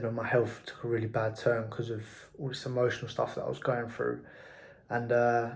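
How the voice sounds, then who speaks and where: A man's voice: medium pitch, vocal fry, darkish tone. A man, speaking candidly in a reflective personal monologue about his working life. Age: 20s. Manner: candid, frank, occasional swearing. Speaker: entrepreneur vlogger.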